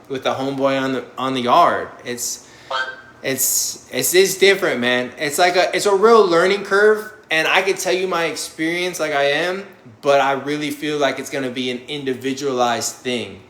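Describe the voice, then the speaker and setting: A man's voice: medium pitch, a bit bright, roomy sound, slight background noise. A young man talking candidly and bluntly about life after prison, swearing often and acting out his own past reactions. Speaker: formerly incarcerated guest on a live panel. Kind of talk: candid conversational storytelling.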